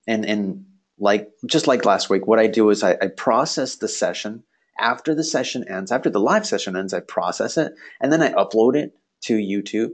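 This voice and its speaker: A man with a nasal voice, teaching a live online class in a casual, rambling way with lots of fillers. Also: mid-range voice. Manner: casual, rambling, friendly, frequent fillers and laughs. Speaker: online course instructor. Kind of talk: live virtual class session.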